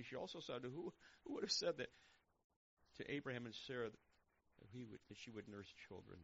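A man preaching a sermon, dropping to a hush and then rising to loud, fervent preaching. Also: fairly low pitch, moderate pace, husky, highs cut off. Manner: swings from hushed and intimate to loud, fervent preaching.

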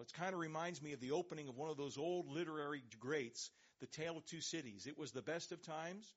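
A pastor delivering a sermon in a slightly raised voice. He leans into words for emphasis, stretches them out slowly and lets his voice sink low as each point closes. The recording sounds dull and lo-fi. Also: fairly bright tone. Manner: emphatic preaching, slows and drops low on key words.

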